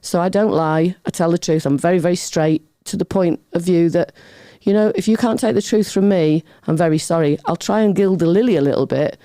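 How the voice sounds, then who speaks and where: A middle-aged woman, a guest on a talk show, telling a personal story in a lively way, often acting out other people's voices and wandering off on tangents. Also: on the low side, brisk, few pauses, no echo, clean studio sound. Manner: lively, acts out quoted voices, goes off on tangents. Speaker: podcast guest.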